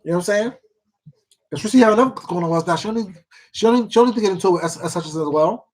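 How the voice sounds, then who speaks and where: Livestream host rambling gossip to chat, curses a lot, calls everyone baby, middle pitch. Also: fast talker, a little mellow. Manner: rambling, profane gossip with many repeats and fillers; calls viewers baby and sweetheart. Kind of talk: casual livestream chat reading viewer comments.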